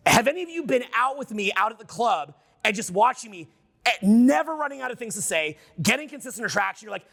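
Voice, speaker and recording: Speaking fast into an unamplified handheld mic, a male seminar speaker talks to a live audience in a high, gravelly voice with bright, forceful energy. He keeps questioning the room animatedly and uses plenty of profanity to hammer his points.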